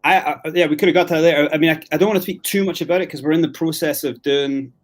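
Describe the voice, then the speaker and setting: A man's voice: on the high side, fairly even intonation, rapid-fire. Scottish man telling a rambling story. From Scotland. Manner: rambling, many restarts and fillers. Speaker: guest. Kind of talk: casual interview storytelling.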